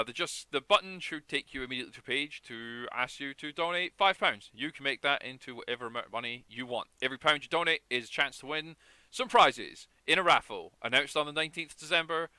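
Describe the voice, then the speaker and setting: A man's voice: medium pitch, sharp tone, clear, resonant tone, no room sound. A man hosting a charity stream over a video call, chatting in a rambling, jokey way. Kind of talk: casual chat.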